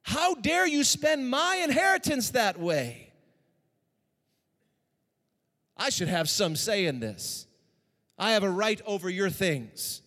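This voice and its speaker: A man preaching who acts out a bitter, resentful older son accusing his father, in drawn-out, indignant lines. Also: medium pitch, expressive, long reverb tail.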